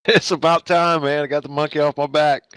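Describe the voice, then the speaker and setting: A man with an American accent, a race winner talking casually and relaxed in a post-race interview. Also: a little high, a little fast, clear, resonant tone, dry recording, clean studio sound.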